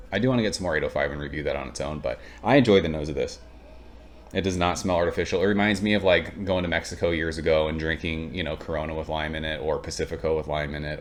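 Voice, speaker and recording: A man with a very low voice reviews a beer in an easygoing, chatty way. He rambles with plenty of ums and uhs, speaks bluntly, and drops the odd swear word. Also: a little hiss or hum. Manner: rambling, blunt and profane, with frequent fillers. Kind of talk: casual chat.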